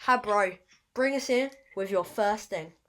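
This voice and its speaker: A woman's voice: medium pitch, measured pace, fairly bright tone. A woman hosting a casual podcast, rambling and fumbling over her words with self-deprecating asides. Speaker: podcast host.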